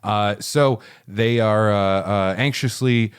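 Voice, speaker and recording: Rambling man pitching a story. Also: slow pace, smooth. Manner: rambling storyteller, acts out characters in passing. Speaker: podcast co-host pitching a story. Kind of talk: casual podcast chat.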